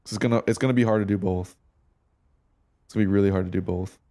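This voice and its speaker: His fairly low, mellow voice moves fast with fairly even intonation. As a streamer going over a match replay, he chats casually with viewers, swearing and using slang while he thinks things through.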